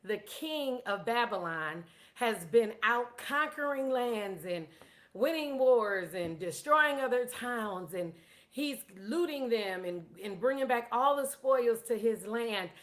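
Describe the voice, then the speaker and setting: A woman's voice: on the high side, lively intonation, slow pace, a bit bright. A woman giving a casual storytelling lesson on money, chatty and self-deprecating, often repeating words. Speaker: teacher of a personal finance course.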